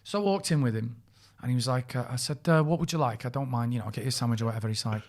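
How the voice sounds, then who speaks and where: Man, podcast co-host, quick storyteller with a laugh. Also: mid-range voice, a little mellow. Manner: storytelling, laughs often, mimics people he quotes. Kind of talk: casual chat.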